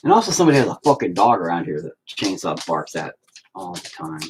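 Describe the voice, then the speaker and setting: A man's voice: low-pitched, big pitch swings, fast talker, a little hiss or hum, low-quality recording. A man ranting in a profane, rambling way while painting in a casual vlog at home. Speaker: vlogger.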